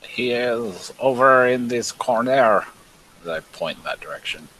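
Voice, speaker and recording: A man's voice: medium pitch, lively intonation, a little slow, a bit bright, a little hiss or hum, rough recording. A man playing a tabletop game, making short, dry remarks. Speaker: player. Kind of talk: casual game chat.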